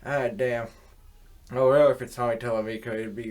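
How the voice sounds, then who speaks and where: A man's voice: mid-range voice, steady tone, brisk, a little mellow. A man hosting his own channel, delivering a rambling, profane casual rant filled with fillers. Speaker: channel host.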